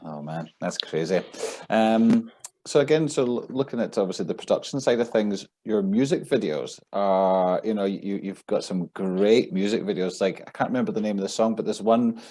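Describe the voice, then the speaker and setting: A man's voice: fairly low pitch, moderate pace, mellow. Hesitant male podcast host. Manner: hesitant, searching for words. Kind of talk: casual interview chat.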